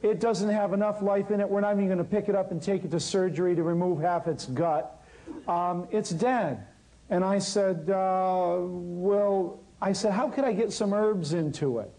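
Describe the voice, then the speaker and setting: A man telling a lively story about his work as an herbal healer, acting out the people he quotes. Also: high voice, moderate pace, low-quality recording. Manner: animated storyteller, acts out quotes. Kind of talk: storytelling talk.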